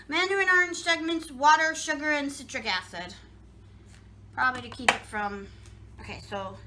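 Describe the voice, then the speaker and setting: A woman's voice: high voice, background noise. A woman vlogger chatting casually and jokingly while making a recipe in her home kitchen. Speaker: cooking vlogger. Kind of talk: casual chat while cooking.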